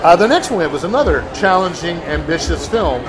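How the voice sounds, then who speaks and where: A man's voice: high-pitched, lively intonation, a little fast, music in the background, a crowd in the background, poor audio. Chatty man hosting a podcast. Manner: chatty, jokey, filler-heavy. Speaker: podcast host. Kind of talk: casual interview chat.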